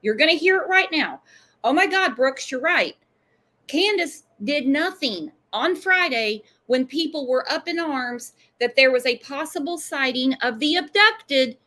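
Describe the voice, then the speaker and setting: Host: woman with a high voice for true-crime commentary, emphatic and pointed. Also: sharp tone. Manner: emphatic, pointed, quick-talking.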